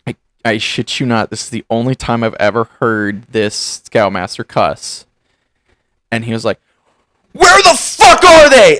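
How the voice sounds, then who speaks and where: A young man in casual podcast chat, telling animated stories and swearing freely. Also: on the low side, no room sound. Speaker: podcast co-host.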